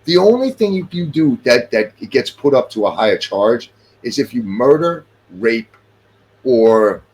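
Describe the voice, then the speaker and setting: A man's voice: medium pitch, very animated, measured pace, a little mellow, husky. A middle-aged man in casual chat, talking emphatically and repeating his points.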